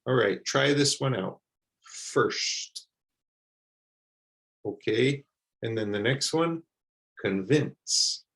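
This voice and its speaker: A man teaching English pronunciation, repeating words slowly and carefully for learners. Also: mid-range voice, gravelly, a bit bright, low-quality recording. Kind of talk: slow, deliberate pronunciation lesson.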